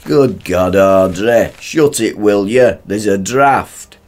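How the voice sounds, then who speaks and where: A man's voice: deep voice, animated, slow, darkish tone, heavily acted. An actor playing a blunt, sarcastic working-class father with a northern English accent, grumbling and teasing his son in a radio play. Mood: gruff.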